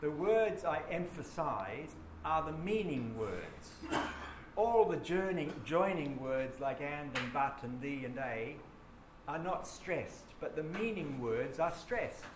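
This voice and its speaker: A man teaching a class, explaining things patiently and sometimes chanting rhythms aloud. His voice sits a little high for a man. He is recorded from across an echoey classroom, with steady noise underneath. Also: takes it slowly. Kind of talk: classroom lecture.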